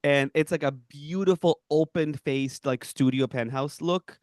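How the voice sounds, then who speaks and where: Young man from Peru, podcast co-host, animated storyteller, fairly high voice, dry close sound. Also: unhurried, clear, resonant tone, no room sound. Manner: animated storytelling, frequent laughs and fillers. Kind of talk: casual chat.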